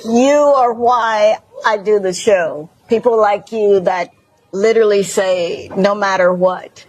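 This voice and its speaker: A woman's voice: medium pitch, slow pace, a little mellow, no echo, low-quality recording. Effusive Mississippi woman hosting a talk show. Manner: effusive, preacherly encouragement.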